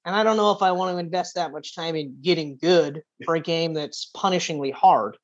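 A woman's voice: lowish voice, brisk. Playful female co-host, teasing banter, slightly muffled lo-fi audio. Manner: playful, teasing, acts out voices in anecdotes. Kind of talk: casual chat.

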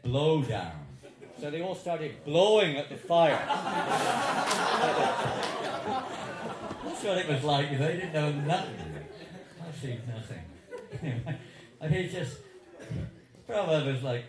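Chuckling older man telling stories. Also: medium pitch. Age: 70s. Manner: chatty, chuckling, digressive. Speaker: speaker telling stories to a retreat audience. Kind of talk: anecdotal talk to a live audience. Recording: roomy hall echo, faint noise.

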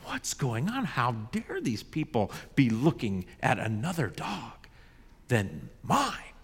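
A man's voice: mid-range voice, very animated, slow pace, breathy edge, in a large hall, heavily acted. A man voicing a proud, hot-tempered man with a bulldog, speaking in a raised, indignant voice.

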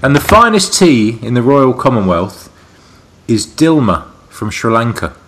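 A man's voice: mid-range voice, sing-song, a little slow, a bit bright. A man, co-hosting a podcast in casual, chatty talk, often laughing and calling his friend "mate". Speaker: podcast co-host. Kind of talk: casual chat.

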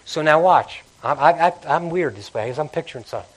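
A man preaching a sermon, telling stories with animated swings between loud outbursts and quiet passages. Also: sits high, brisk. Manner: animated storytelling, acting out characters with loud outbursts and quiet drops.

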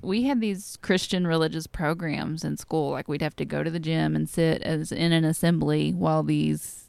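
A woman's voice: low-pitched, steady tone, normal speed, creaky, a little mellow, smooth, no room sound. A woman from Wisconsin with a Wisconsin accent, talking in a rambling, profane, casual chat. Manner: rambling, profane, self-interrupting.

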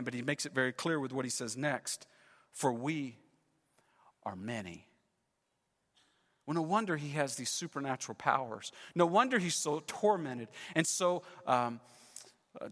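A man pastor preaching a sermon with dramatic storytelling, swinging between loud passages and hushed ones. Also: mid-range voice, expressive, moderate pace, in a large hall.

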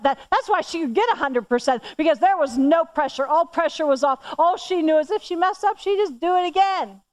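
Middle-aged lady preaching, high bright voice, gets animated and loud telling her story. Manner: animated, rising high when quoting herself scolding. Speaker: church speaker. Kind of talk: sermon storytelling.

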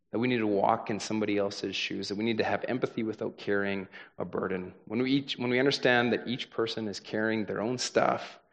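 A young adult man preaches a sermon in a fairly low voice. His delivery is conversational and earnest, and he keeps checking in with the congregation with frequent "right?" asides. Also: highs cut off. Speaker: pastor.

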